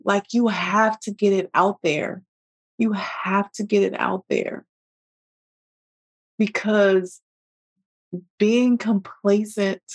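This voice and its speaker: Slow, heartfelt woman podcast host. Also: a little high. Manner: heartfelt, emotional, slow deliberate emphasis; addresses listeners as y'all. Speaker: podcast host and business coach. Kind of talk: motivational podcast monologue.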